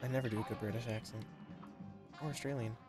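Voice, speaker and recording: A man's voice: mid-range voice, fairly even intonation, fast talker, loud music behind the voice. A man giving casual, rambling commentary while streaming a game, laughing often and poking fun at himself.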